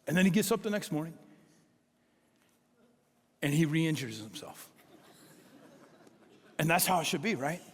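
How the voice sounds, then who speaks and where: A middle-aged man preaching a sermon as a pastor, telling stories in an animated way and acting out the dialogue. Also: a little high, measured pace, pauses often, husky, in a large hall.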